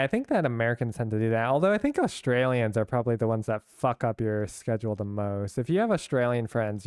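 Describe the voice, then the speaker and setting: A man's voice: medium pitch, a little mellow, clean tone, dry recording, studio quality. A young man from San Francisco chatting casually with his chat while streaming a game, rambling and laughing along.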